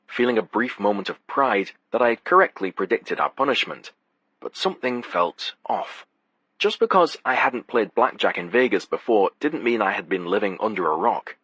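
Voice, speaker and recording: A man narrates a first-person audiobook with a wry, sardonic touch. His voice sits low with a husky grain, and the recording is dry and close. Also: a bit bright, no echo.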